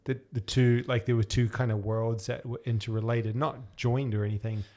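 A man's voice: medium pitch, level tone, moderate pace, mellow. A man hosting a casual interview, easygoing and encouraging, with short agreeing replies.

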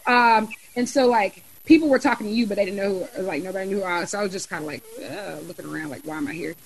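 A young adult woman chatting casually on a podcast, telling a lively story with many fillers. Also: medium pitch, fast, low-quality recording. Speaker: student government officer and podcast guest.

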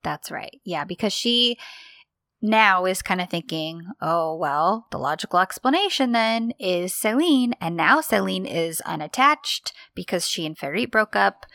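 A woman's voice: medium pitch, animated, measured pace, pushed and bright, dry recording, clean studio sound. A woman co-hosting a casual podcast, recapping a TV series, laughing often and acting out quotes. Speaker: podcast co-host.

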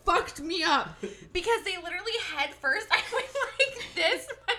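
A woman's voice: very high voice, expressive, normal speed, sharp tone. A young woman co-hosting a chat show, telling stories in a giggly, swearing, casual way. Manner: giggly, profane storytelling.

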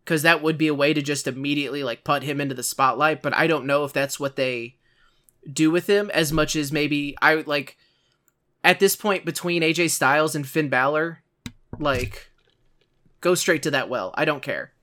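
A man in casual podcast chat with a slightly high, bright voice. He rambles through his points and stacks up side remarks as he goes. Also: moderate pace. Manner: rambling, lots of "like" asides. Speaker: podcast co-host.

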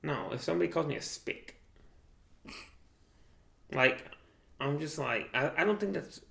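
A man's voice: on the high side, lively intonation, unhurried, creaky, pushed and bright. A young man chatting casually with a friend, rambling and slangy, full of "like" and "dude". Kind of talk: casual chat. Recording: echoey room.

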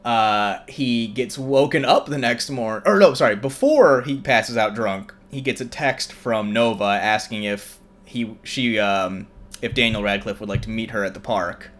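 Young guy rambling thru a movie plot, lots of uh and like, kinda low voice. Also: a little slow, fairly bright tone. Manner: rambling, filler-heavy. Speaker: host. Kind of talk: casual movie recap.

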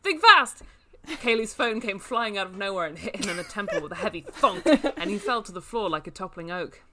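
A woman's voice: medium pitch, quick pace, bright, forceful tone, slight background noise. A woman reading a novel aloud as a comedy bit, with laughing asides. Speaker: reader.

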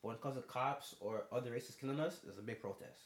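A young man co-hosting a podcast chats casually, talking fast at medium pitch. He's an animated storyteller who plays both sides of each conversation, and the recording has a roomy echo.

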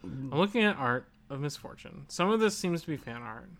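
A podcast co-host who drops deadpan jokes in casual chat. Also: mid-range voice, brisk.

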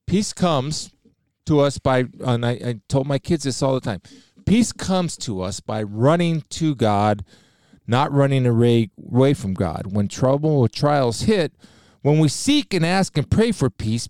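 A man's voice: mid-range voice, lively intonation, a little slow, a little mellow, smooth, no room sound, clean studio sound. A middle-aged man giving an earnest spoken devotional talk, quoting scripture and sharing a personal story. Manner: earnest, preacherly, quotes scripture. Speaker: speaker sharing faith.

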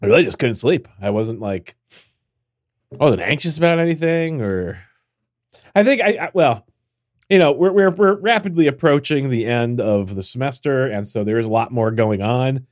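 A man's voice: mid-range voice, moderate pace. Tired, stuffy-nosed man in his forties. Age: 40s. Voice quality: nasal, congested. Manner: rambling, animated, with many restarts. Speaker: podcast co-host. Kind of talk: casual chat.

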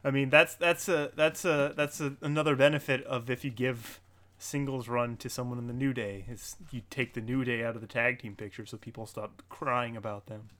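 A man co-hosting a casual wrestling podcast, laid-back and halting, often chuckling. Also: medium pitch, steady tone, a bit bright. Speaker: podcast co-host.

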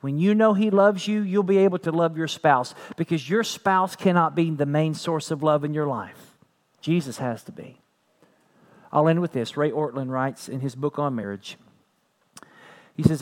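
A man preaching a sermon as pastor, earnest, repeating phrases and building to emphatic peaks. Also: on the high side.

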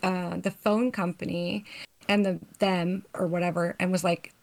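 A woman's voice: lowish voice, little pitch movement, unhurried, darkish tone. A woman in her thirties co-hosting a podcast, telling loose, rambling stories in casual chat. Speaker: podcast co-host.

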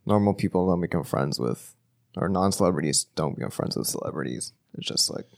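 A man's voice: low-pitched, animated, fairly quick, creaky. A man as a podcast guest, talking hesitantly with many restarts. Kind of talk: casual conversation. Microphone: podcast microphone.

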